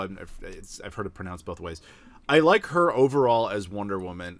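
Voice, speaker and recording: A man with a somewhat low voice rants bluntly about something he dislikes in a casual podcast chat. His delivery is animated and critical, with frequent fillers. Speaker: podcast co-host.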